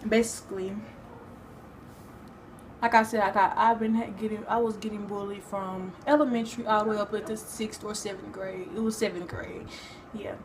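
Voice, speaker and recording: A young vlogger talks casually to her own camera in a medium-pitched, fairly even voice at normal speed. She rambles, using lots of fillers and restarts, and there's a slight hiss or hum in the audio.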